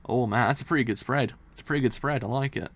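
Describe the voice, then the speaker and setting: A man hosting a live manga reading stream, reacting with excited swearing and loose, rambling commentary. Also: medium pitch, fast talker.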